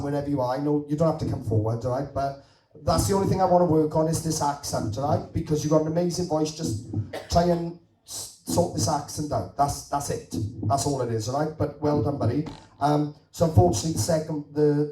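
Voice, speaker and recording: A man's voice: a little high, warm tone, echoey room, far from the mic, low-quality recording. Rambling man judging contestants. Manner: encouraging, rambling with restarts. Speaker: talent show judge. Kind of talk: giving feedback to contestants.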